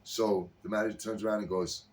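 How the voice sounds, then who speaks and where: Low-voiced man telling a story with gusto. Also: brisk. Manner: animated storyteller acting out characters' lines. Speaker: podcast co-host. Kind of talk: casual chat, retelling a sitcom scene. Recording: slightly distant mic with faint background noise.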